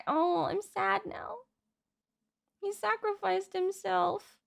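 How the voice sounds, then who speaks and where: High bouncy streamer girl reacting, swears a lot, kinda slow and lively. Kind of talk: casual reaction chat.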